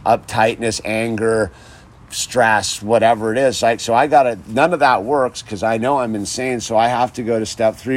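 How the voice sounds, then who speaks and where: A man's voice: medium pitch, fairly even intonation, normal speed. A man talking outdoors in his yard in a casual, rambling monologue about sobriety and faith, saying "dude" constantly. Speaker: vlogger speaking on sobriety and faith.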